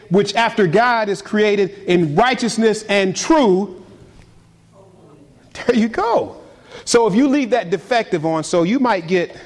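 A man preaching a sermon as pastor, animated and often repeating words as he builds his point, in a church. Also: sits high.

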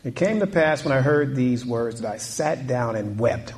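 With lively intonation and a slightly mellow mid-range voice, a male pastor preaches at a moderate pace. He hammers key points through repetition and rising intensity, asking the congregation questions and calling out amen.

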